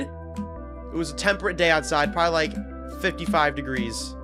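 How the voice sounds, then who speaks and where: A man chatting casually with his viewers during a live game stream, telling stories with sudden excited bursts. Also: fairly high pitch, normal speed, faint music behind. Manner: excitable storyteller, talks to chat, loud bursts. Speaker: livestreamer. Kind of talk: casual live-stream chat while gaming.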